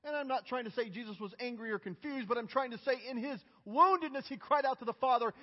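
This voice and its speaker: A man preaching a sermon as pastor, emphatic and building to loud outcries. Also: very high voice, fast talker, few pauses. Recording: dull, reverberant church hall.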